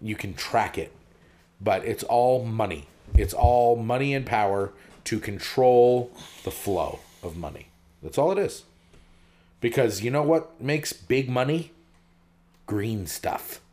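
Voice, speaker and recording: A man co-hosting a podcast in casual chat, playful and quick with puns and laughs. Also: medium pitch, expressive, warm tone. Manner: playful, punning, laughs along. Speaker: podcast co-host.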